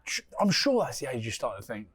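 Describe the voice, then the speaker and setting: A man chatting on a podcast, animated and laughing as he acts out stories about his family. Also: mid-range voice, fast talker, breathy edge, dry recording. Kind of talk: casual chat, storytelling.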